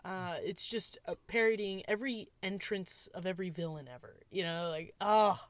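A woman's voice: fairly low pitch, normal speed, no room sound. Giggly woman podcast co-host. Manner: giggly, playful. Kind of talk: casual movie review chat.

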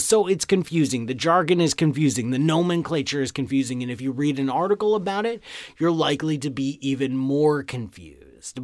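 A man's voice: on the high side, dry recording, studio quality. A man hosting a science show, explaining astronomy in a playful, enthusiastic way with jokey asides. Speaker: science podcast host.

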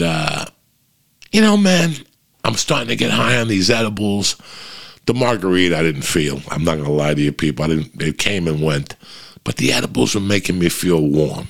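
A man's voice: fairly low pitch, vocal fry. A middle-aged man hosting a podcast, telling a long, profane, rambling story in casual chat.

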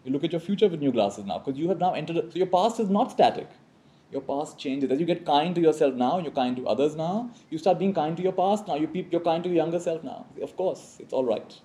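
A man with a mellow, warm tone teaches a live audience in a reflective spiritual talk. He leads call-and-response phrases and keeps checking in with a quick "right?". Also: a little high, expressive.

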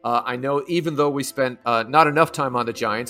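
A man from the Bay Area hosting a podcast, chatty and quick in a casual interview. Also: medium pitch, bright, forceful tone, soft background music. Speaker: podcast host.

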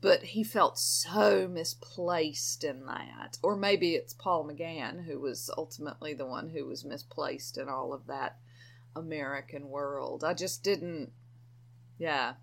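A woman's voice: low voice, slow, creaky. A woman co-hosting a podcast in casual chat, opinionated and wry, drawing her phrases out. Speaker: podcast co-host.

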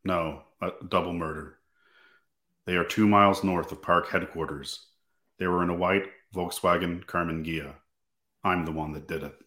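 A podcast host voicing a male killer calling in, speaking in a flat monotone. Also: deep voice, normal speed, echoey room, voice pushed down. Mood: cold, flat.

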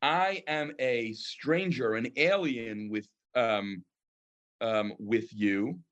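A man, a rabbi, teaching a class on scripture, reading verses aloud and translating them, with frequent pauses and ums. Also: medium pitch, fairly bright tone. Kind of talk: lecture on scripture.

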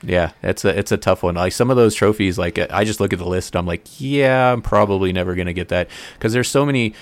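Deep-voiced man in casual gaming chat. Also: fast, dry recording. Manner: rambling, self-correcting storytelling. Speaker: podcast co-host.

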